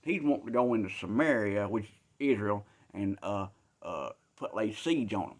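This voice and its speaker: A man's voice: fairly low pitch, animated, normal speed. A man telling a Bible story in a rambling, joking, colloquial way.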